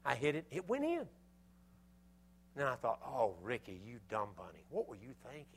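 A man preaching a sermon, telling a personal story with animated, self-scolding exclamations before closing in prayer. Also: medium pitch, moderate pace, a little hiss or hum.

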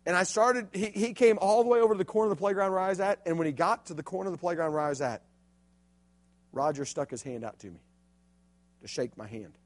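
Man, middle-aged, youth pastor, sermon, high pitch, dramatic quiet-to-loud shifts. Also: fast talker. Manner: storytelling preacher, swings from hushed to loud and emphatic.

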